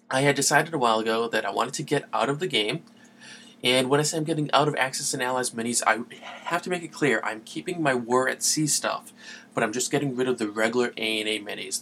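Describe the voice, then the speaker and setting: A man's voice: medium pitch, a bit bright, a little hiss or hum. A man hosting a gaming podcast, talking in a loose, chatty way with lots of fillers. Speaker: podcast host. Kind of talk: casual solo podcast talk.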